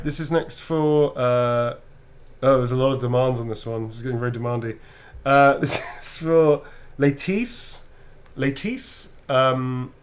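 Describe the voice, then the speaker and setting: A man who is a guest actor, chatting playfully and muttering to himself as he signs autographs. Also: mid-range voice. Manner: playful, mutters while writing. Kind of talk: casual chat while signing. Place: indoor signing session.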